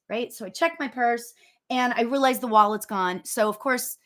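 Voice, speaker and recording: A woman speaks in a loud, booming voice and races through her words. Her tone is bright and forceful, sitting a little high. She chats casually as host of a spiritual talk show. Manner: loud, fast, storytelling with laughs. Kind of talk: casual chat.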